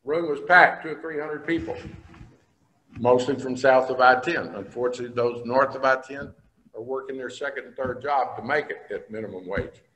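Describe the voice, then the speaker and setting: A man's voice: mid-range voice, moderate pace, fairly bright tone. Folksy older man speaking in a hall. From Texas. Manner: folksy storytelling, plain-spoken. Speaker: state senator. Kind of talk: speech to a business breakfast. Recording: long hall reverb.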